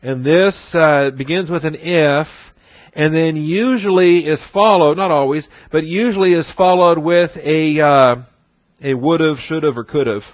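A man's voice: fairly high pitch, unhurried, no room sound, highs cut off. A man giving a conversational, emphatic sermon-style Bible lesson with frequent restarts. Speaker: Bible teacher.

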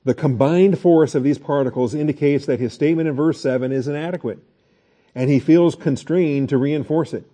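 A man's voice: on the high side, brisk, dark tone. A man teaching a Bible study lecture in a conversational way, asking the class questions and restarting his sentences.

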